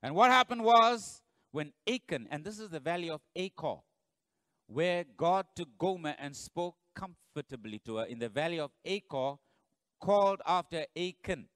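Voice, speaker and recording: A man preaching a sermon as pastor, telling the story dramatically and swinging between loud bursts and low, hushed lines. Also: animated, normal speed, smooth, no room sound.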